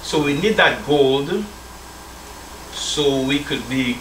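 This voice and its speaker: Taking it slowly, a man with a medium-pitched, slightly bright voice and lively intonation preaches a sermon as a church elder. He reads scripture, calls his listeners brethren, and asks call-and-response questions. There's a little hiss or hum, and the distant mic sounds roomy.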